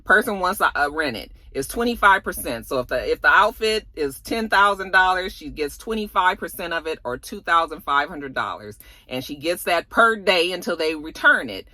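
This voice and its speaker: A young woman giving a casual, gossipy recap, animated and sassy and swearing freely. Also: lowish voice, normal speed, few pauses, no echo. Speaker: reality TV recap YouTuber.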